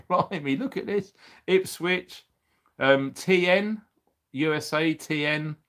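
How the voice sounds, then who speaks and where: A man's voice: a little high, takes it slowly, a bit bright. A middle-aged man from the UK hosting a casual livestream, upbeat and chatty, laughing often as he reads out viewers' names and where they are from. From United Kingdom. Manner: laughs often, exclaims blimey and bonkers. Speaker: livestream host.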